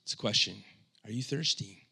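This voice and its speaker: A male pastor delivers a sermon in a bright, forward voice. He talks in a loose, conversational way, then drops to a hush before rising into fervent, loud appeals. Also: moderate pace, gravelly, breathy edge. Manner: swings from hushed, low delivery to loud impassioned cries; conversational, with frequent "like" and restarts.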